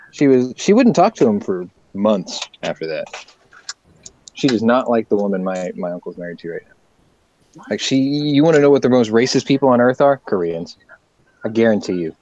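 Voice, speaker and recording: A man's voice: mid-range voice, a little fast, lo-fi sound. A man hosting a casual online lobby and telling profane family stories, voicing the people in them as he goes. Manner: storytelling, profane, animated quoting. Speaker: lobby host. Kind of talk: casual chat.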